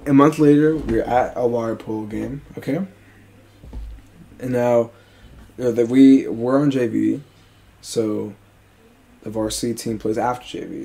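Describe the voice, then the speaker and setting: Animated, profane young male storyteller. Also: medium pitch, moderate pace, vocal fry, pauses often. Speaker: podcast co-host. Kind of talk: casual storytelling chat.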